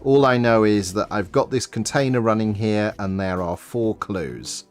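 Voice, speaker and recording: A man's voice: lowish voice, faint music behind. A man co-hosting a livestream, talking in a casual, easygoing way. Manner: unhurried, easygoing, chuckling. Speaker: co-host of a developer livestream.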